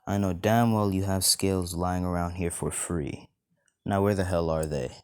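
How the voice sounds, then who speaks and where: A man's voice: low voice, steady tone, normal speed, a little mellow, clean tone, lightly acted. A man voicing a cocky young male hero in a fan story, talking bluntly and swearing. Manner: brash, swearing.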